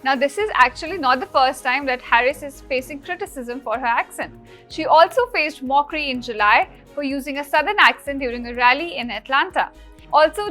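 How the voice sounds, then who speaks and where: A woman news anchor reading scripted news stories in a brisk, emphatic delivery. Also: high-pitched, sharp tone.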